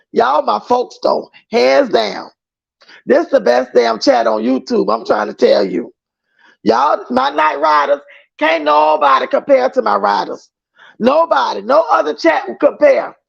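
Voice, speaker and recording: Male livestream host: very high, raspy voice, loose gossipy chat with his viewers; muffled lo-fi sound. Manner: chatty and gossipy, greets viewers as boo. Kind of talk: casual chat reading viewer comments.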